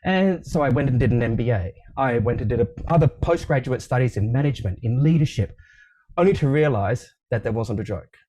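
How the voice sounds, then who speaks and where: Mellow-voiced Australian man, relaxed storyteller. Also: medium pitch, a little fast, slight background noise. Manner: relaxed, storytelling, with frequent ums and restarts. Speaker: leadership coach, guest. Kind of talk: casual interview conversation.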